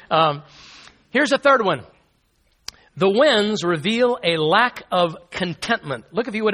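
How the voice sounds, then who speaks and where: A pastor preaches to his congregation in a high, bright voice. He is emphatic, repeats his key points and slows right down when he quotes scripture. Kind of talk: sermon.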